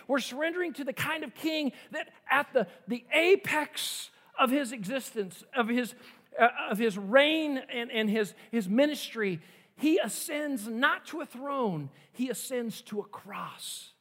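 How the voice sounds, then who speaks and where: A male pastor preaching an animated sermon in a church. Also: very high-pitched, measured pace, long reverb tail. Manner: animated, acts out quoted voices.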